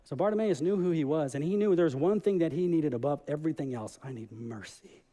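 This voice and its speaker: High-voiced man preaching in a reverberant church. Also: fast. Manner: animated preaching, acting out voices in the story. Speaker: pastor. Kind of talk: sermon. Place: church sanctuary. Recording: church hall with long reverb.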